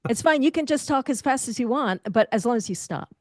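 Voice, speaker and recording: A middle-aged woman, a speaking confidence coach, giving lively advice in an interview and demonstrating different voice habits. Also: fairly high pitch, fairly quick, dry recording, clean studio sound.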